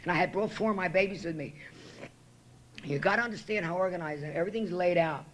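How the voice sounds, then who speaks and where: Speaking fast in a lowish voice, a woman stands at a meeting-room podium and shares her personal recovery story. Her delivery is blunt, emotional, and full of swearing.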